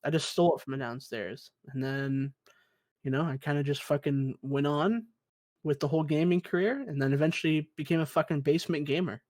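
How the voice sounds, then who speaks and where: A man's voice: a little high, brisk, darkish tone, no echo. Young man, casual, swearing podcast chat. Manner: laid-back, swears a lot, says dude. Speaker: podcast co-host. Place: basement room.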